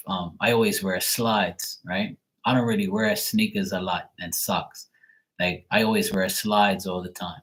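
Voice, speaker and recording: A man chatting casually to camera, rambling and swearing freely in a relaxed way. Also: lowish voice, poor audio. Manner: rambling, profane, laid-back. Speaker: tarot reader, channel host.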